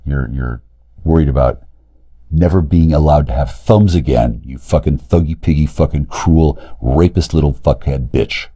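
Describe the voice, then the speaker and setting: A man in a rambling, profane monologue, agitated and jumping between loud outbursts and low mutters. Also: husky. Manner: profane, agitated, rapid loud and quiet swings. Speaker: streamer talking to camera.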